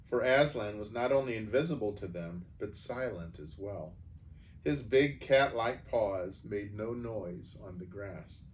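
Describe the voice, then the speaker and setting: A man reading a children's novel aloud, expressive and changing his voice for the characters. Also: lowish voice, recorded from a distance, slight background noise. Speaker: storyteller.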